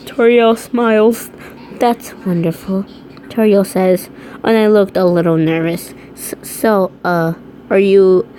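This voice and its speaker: Slow, low-voiced woman reading aloud. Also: dark tone, slight background noise, rough recording. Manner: stumbling over words and restarting, breaking off into reactions. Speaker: reader. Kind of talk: reading fan fiction aloud.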